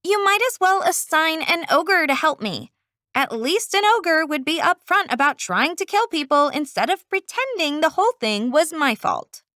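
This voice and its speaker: A woman's voice: very high-pitched, expressive, normal speed, few pauses, bright, forceful tone, no room sound, clean studio sound, voice pushed up, heavily acted. A woman voicing a curt young fairy godmother who speaks tersely. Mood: irritated. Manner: terse, complaining.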